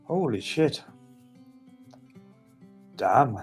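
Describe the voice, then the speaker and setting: A man's voice: medium pitch, expressive, very slow, slightly rough, faint music behind. A man from northeast England with a Newcastle accent, co-hosting a casual live stream, chatty and laughing often. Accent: Newcastle Geordie. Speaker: co-host.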